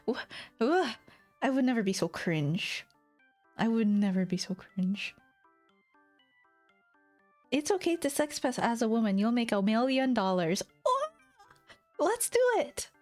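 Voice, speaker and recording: A young woman VTuber chatting casually on stream, rambling, swearing and giggling in exasperation. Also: fairly high pitch.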